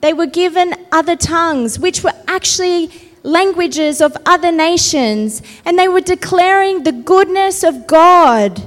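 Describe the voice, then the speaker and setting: A woman pastor preaching a sermon and reading scripture, earnest and often checking in with her listeners. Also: very high voice. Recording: long reverb of a large hall.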